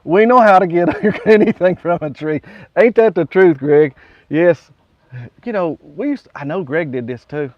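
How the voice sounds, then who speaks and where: A man's voice: high-pitched, expressive, normal speed, no room sound. Live-stream host, man, West Virginian accent, folksy rambling chat, dry slightly muffled audio. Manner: rambling and folksy, reads viewer comments aloud and chuckles often.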